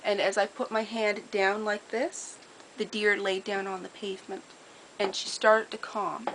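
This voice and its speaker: A woman's voice: medium pitch, a little slow, slight background noise, rough recording. Earnest woman telling a personal story. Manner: earnest, detailed and steady, with small repeated restarts. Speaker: storyteller sharing a personal memory. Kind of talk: casual spoken storytelling.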